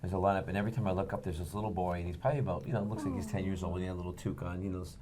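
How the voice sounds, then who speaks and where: A man telling an animated anecdote about meeting a fan, acting out the voices in the story. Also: low voice, rapid-fire, noisy background. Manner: acts out voices in his story. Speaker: actor telling a convention story.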